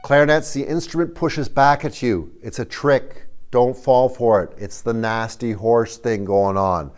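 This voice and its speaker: A middle-aged man teaching a beginner music lesson to kids, folksy and animated, speaking straight to them. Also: medium pitch, measured pace. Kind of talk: instructional video lesson for kids.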